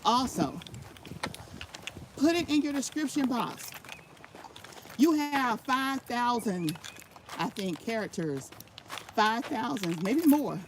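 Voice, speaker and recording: A woman giving emphatic, repetitive advice in a casual vlog while walking laps. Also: fairly high pitch. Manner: emphatic, repeats her points for stress. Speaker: vlogger giving channel tips. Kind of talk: casual motivational vlog talk. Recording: noisy background.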